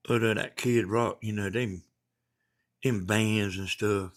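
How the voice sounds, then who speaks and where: A man's voice: fairly low pitch, steady tone, takes it slowly. A man from Georgia with a Southern accent, chatting casually on a livestream and reading out viewer comments in a folksy, rambling way. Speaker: livestream host.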